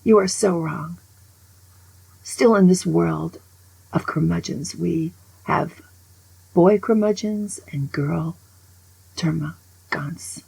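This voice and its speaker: A woman over sixty-five giving a casual, opinionated monologue as a vlogger. She is an animated, grumbling storyteller who often drops to a whisper. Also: fairly low pitch, slow, gravelly, pauses often, breathy edge, low-quality recording.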